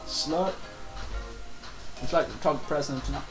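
A man's voice: on the high side, normal speed, echoey room, over music, rough recording. A man giving casual, rambling let's play commentary, joking and reading game lines aloud.

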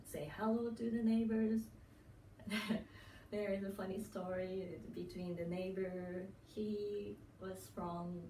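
A woman with a Japanese accent telling stories in an easygoing vlog, pausing often and laughing lightly between thoughts. She speaks slowly, set back from the mic in a roomy space, with faint ambience behind her. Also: fairly low pitch, creaky, mellow, far from the mic, a little hiss or hum. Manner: unhurried, many pauses and fillers, frequent laughs. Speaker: channel host. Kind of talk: casual storytelling vlog.

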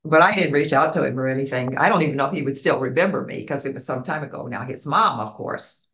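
An older woman, a community program founder, being interviewed and telling stories in an animated way, acting out the voices of people she quotes. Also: rumbling low, fast. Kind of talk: storytelling interview.

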